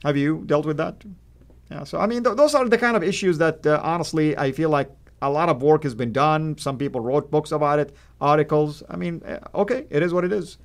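A man's voice: a little high, creaky. Man reading viewer questions on a live stream. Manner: reads viewer questions, halting, with fillers. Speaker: co-host. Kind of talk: casual live-stream chat.

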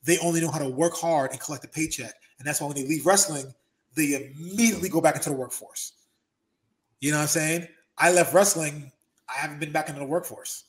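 A man in his thirties, a former pro wrestler, telling profane, lively stories as an interview guest. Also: on the high side, quick pace. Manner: animated storyteller, profane, acts out quotes. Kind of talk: casual storytelling interview.

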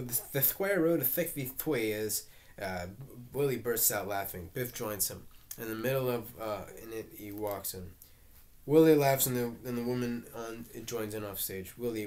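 A man reading a stage play aloud, voicing every part himself and reading out the stage directions, with some halting restarts. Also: mid-range voice. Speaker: reader. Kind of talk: amateur reading of a play, all parts.

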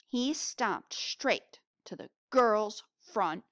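Female storybook reader for children; slow, very lively, dry close sound. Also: mid-range voice, vocal fry, no echo. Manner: asks listeners questions, expressive. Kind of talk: reading a picture book aloud to children.

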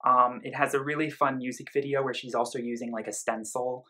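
A man's voice: medium pitch, steady tone, brisk, pushed and bright, low-quality recording. A man giving a casual spoken album review, explaining his ideas in loose bursts full of "um" and "you know" asides.

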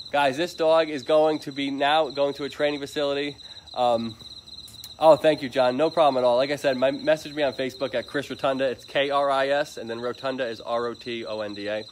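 A man's voice: mid-range voice, fairly even intonation, fairly quick, noisy background. A man from Florida chatting on a live stream outdoors at an animal shelter at night, upbeat and repeating himself, with crickets and barking dogs behind. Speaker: livestreaming animal shelter advocate. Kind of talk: casual live-stream chat.

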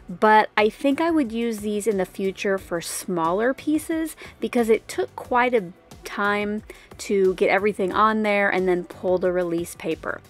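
A woman hosting a card-making tutorial, explaining each step in a chatty, casual voice-over. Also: mid-range voice. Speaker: card-making channel host.

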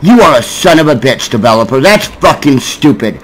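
A man giving gameplay commentary, frustrated and swearing at the game, with sudden yelled bursts. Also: sing-song, normal speed, slight background noise, low-quality recording. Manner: yelling in sudden high bursts. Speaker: gaming YouTuber.

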